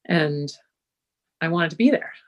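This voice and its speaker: A woman's voice: low-pitched, a little slow. A middle-aged woman, a healer and guest, telling a personal story in a casual interview and acting out the things people said. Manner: lively storyteller who acts out quoted speech.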